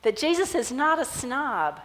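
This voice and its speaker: A woman pastor giving a sermon, animated as she tells a Bible story and acts out its characters. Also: high-pitched, measured pace, slight background noise. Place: church sanctuary. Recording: church hall reverb.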